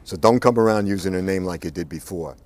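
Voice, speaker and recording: A man voicing a cold, calm outlaw who speaks quietly and with contempt in an audiobook. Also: deep voice, quick pace, close to an everyday voice. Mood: contemptuous. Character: cold, menacing adult male outlaw. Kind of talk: audiobook narration.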